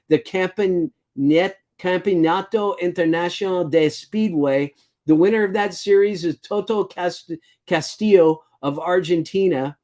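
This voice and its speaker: A man's voice: high-pitched, mellow. A man hosting a casual speedway news rundown, rambling and stumbling over foreign names as he goes. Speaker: show host.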